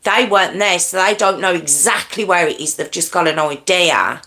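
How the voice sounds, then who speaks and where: A woman's voice: fairly low pitch, normal speed, bright, forceful tone. A woman hosting a true crime livestream, telling the story in a casual, conversational way with many asides and restarts, checking in with her listeners.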